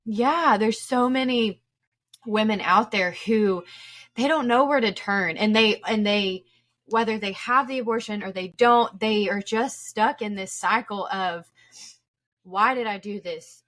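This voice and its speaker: Woman host of a faith chat show; affirming, gently preacherly, dry close mic. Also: medium pitch, a little slow, no room sound. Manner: encouraging, affirming, preacherly phrasing. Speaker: podcast host.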